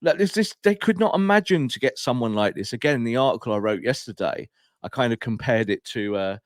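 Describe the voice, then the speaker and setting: Male podcast co-host, mid pitch, lively opinionated ranter, close dry mic. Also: fairly quick, no echo. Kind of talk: casual football podcast chat.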